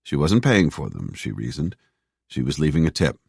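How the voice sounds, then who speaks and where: A man reading a thriller audiobook in a measured, steady narration on a close mic. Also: a bass voice, gravelly, husky, no echo. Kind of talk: scripted narration.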